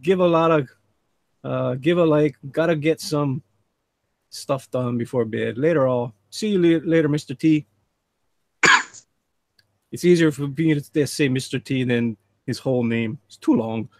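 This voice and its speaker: A man's voice: medium pitch, a little slow, pauses often, a little mellow, dry recording, clean studio sound. A man hosting a live drawing stream, chatting casually with call guests and reading chat messages aloud in a laid-back way. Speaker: livestream host and artist.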